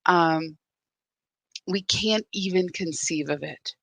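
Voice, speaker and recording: A woman's voice: fairly low pitch, takes it slowly, no echo. A woman hosting a live spiritual practice, talking candidly and emotionally into her phone, often stopping and restarting her thoughts. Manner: emotional, searching, many restarts. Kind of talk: candid live-stream talk.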